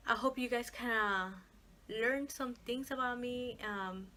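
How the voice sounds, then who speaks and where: A woman's voice: a little high, measured pace, pushed and bright. A young woman talking casually to camera as a vlogger, rambling with lots of fillers and the odd swear word.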